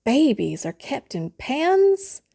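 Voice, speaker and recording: A woman's voice: high voice, sing-song, slow pace, gravelly, dark tone, pitched above the performer's own voice, full character voice. A cheerful grown woman housekeeper in a storybook, chirpy and earnest, who takes every instruction literally, as a woman reads her. Her voice sits a little above an ordinary speaking voice. She speaks in a plain, matter-of-fact way. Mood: earnest, puzzled. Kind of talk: storybook character voice.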